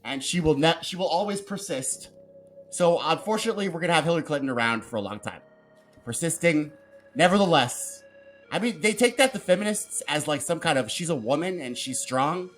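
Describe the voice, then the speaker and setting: A man hosts a casual political show, ranting with plenty of profanity. His pitch leaps up and down in a lively way, and faint music plays underneath. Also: brisk. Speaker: podcast host.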